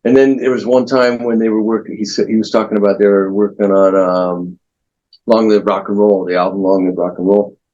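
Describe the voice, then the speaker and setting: A man being interviewed as a guest guitarist, telling long anecdotes in a rambling, relaxed way with many restarts. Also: lowish voice, brisk, highs cut off.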